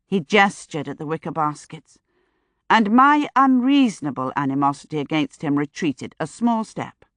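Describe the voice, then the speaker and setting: A woman reading a novel aloud in a measured, wry first-person audiobook narration. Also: sits low, big pitch swings, no echo.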